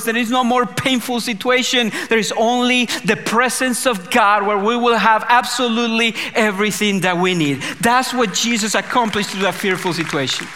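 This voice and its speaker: A man preaches a sermon with passion, building to emphatic peaks before dropping soft. His voice is high and bright. It carries through a hall with a long echo. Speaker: pastor.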